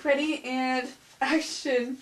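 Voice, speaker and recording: A woman's voice: sits high, flat delivery, takes it slowly, background noise. A teenage girl calling takes and giggling while filming a home video. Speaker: amateur video maker. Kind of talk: casual chat while filming. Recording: echoey, distant home video.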